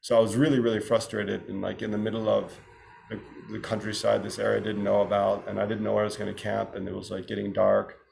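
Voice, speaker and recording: An American man from Virginia giving a Buddhist teaching talk, halting and thoughtful with frequent restarts. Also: on the low side, monotone, vocal fry, a little mellow. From Virginia, United States. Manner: halting, many restarts and pauses. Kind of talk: teaching talk with personal story.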